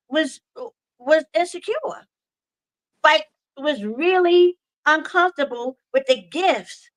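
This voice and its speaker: A woman comedian in her forties with a slight lisp, telling stories in a lively, comedic, preacher-like cadence over a video call. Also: high voice, no echo, low-quality recording. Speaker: comedian guest. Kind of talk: casual storytelling chat.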